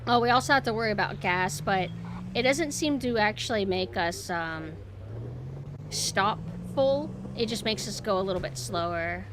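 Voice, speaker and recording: A woman streamer giving casual gameplay commentary, chatting to her viewers and jumping to high squeals when flustered. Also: animated, moderate pace, noisy background.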